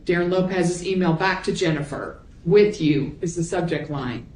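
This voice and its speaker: A woman prosecutor reading messages and timestamps aloud into the court record in a measured voice. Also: on the low side, darkish tone, slight background noise. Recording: echoey courtroom audio.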